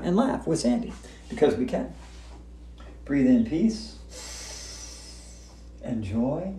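A woman's voice: lowish voice, creaky, dark tone. Female yoga instructor, cheerful laughter-yoga delivery, heard from far off in an echoey hotel room. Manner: upbeat, chanting repeated breathing cues with bursts of laughter. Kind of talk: guided yoga class with laughter yoga.

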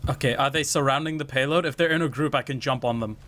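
A man's voice: mid-range voice, fast, a bit bright, slight background noise. A young man chatting casually while playing a team shooter, joking around and swearing freely. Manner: joking, swears freely, sings and mimics game lines. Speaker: gaming channel host. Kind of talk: casual gameplay chat.

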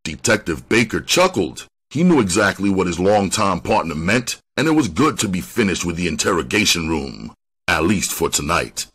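A man reading a crime novel aloud as its narrator, in an expressive manner. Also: sits low, moderate pace, breathy edge. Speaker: audiobook reader.

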